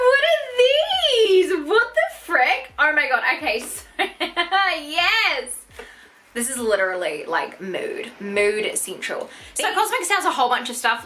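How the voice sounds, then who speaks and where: Bubbly kiwi girl unboxing stuff, high bright voice, keeps gushing and squealing. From New Zealand. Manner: gushing, excitable, swears casually. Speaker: beauty vlogger. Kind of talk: unboxing vlog.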